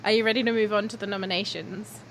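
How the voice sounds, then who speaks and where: A woman's voice: medium pitch, fairly even intonation, fast talker, a little hiss or hum. A woman co-hosting a podcast, giggly and teasing in casual chat. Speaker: podcast co-host. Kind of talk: casual chat recapping a reality show.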